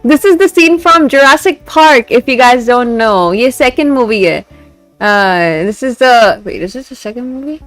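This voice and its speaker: A woman's voice: a little high, moderate pace, soft background music. A young woman with an Indian accent, chatting casually on a live stream, giggling often and reacting to memes and chat. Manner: giggly, animated, switching between English and Hindi. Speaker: VTuber streamer. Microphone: desk mic set back from her.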